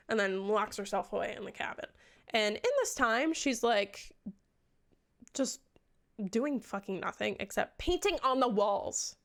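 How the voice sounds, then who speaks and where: A woman's voice: mid-range voice, lively intonation, measured pace. A young woman recapping a book in casual chat, sarcastic and swearing often, playing out the characters' lines herself. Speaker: book reviewer.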